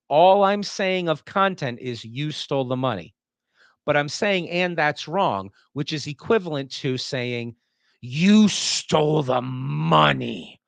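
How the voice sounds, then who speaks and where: A man's voice: medium pitch, no echo. A man teaching a philosophy class, lecturing casually and acting out example tones of voice as he explains. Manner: animated, acts out example tones of voice.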